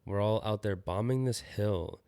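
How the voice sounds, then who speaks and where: A young man talks loosely on his own podcast, with a low voice and a gravelly edge. He rambles, sometimes loses his train of thought, and sounds a bit tired. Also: a little slow, dark tone. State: tired, yawning. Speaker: podcast host. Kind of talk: casual solo podcast talk.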